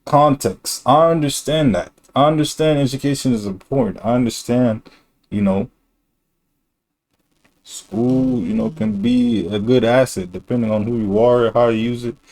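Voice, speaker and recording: A man's voice: mid-range voice, moderate pace, darkish tone. Man, streamer, casual reaction talk, slangy, blunt, rambling.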